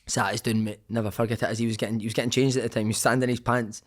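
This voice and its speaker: A middle-aged man spinning a dressing-room story on a podcast, swearing often and throwing himself into the telling. His voice sits at a medium pitch and moves at an everyday pace. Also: flat delivery, rapid-fire. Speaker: podcast guest, former footballer. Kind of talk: casual anecdote telling.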